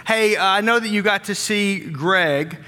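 A pastor from Wisconsin leads a church service with a bright, forceful voice that sits a bit high for a man. He jokes and banters with the congregation before moving into his sermon. The sound carries a long reverb from a large church auditorium. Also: unhurried. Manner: upbeat, joking with the congregation. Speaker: senior pastor.

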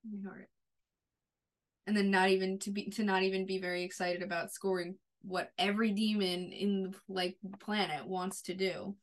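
A woman's voice: medium pitch, little pitch movement, normal speed. A woman in a mid-range voice co-hosts a casual podcast. She reacts to the episode with open emotion and scatters "like" through her sentences. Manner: emotional, gushing, frequent "like" fillers. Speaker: podcast co-host. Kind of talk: casual TV recap chat.

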